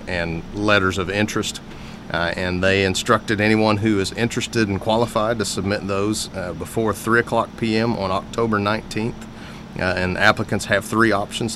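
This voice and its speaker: A man, a city official chatting on local radio, halting with many fillers and quick to laugh. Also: fairly low pitch, background noise. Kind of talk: casual radio chat.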